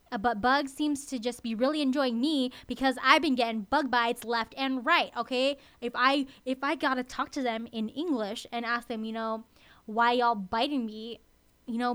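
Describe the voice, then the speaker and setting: A woman's voice: on the high side, a bit bright, clean tone. A young woman hosting a college radio show, chatting eagerly and often tagging her points with "okay?". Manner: chatty and enthusiastic, asks okay? a lot. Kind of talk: casual radio chat.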